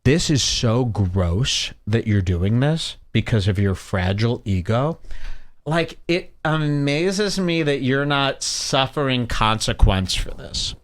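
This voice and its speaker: Male podcast host, lively pitch, mocking commentary. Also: takes it slowly. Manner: scornful, animated storytelling. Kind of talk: casual commentary over clips.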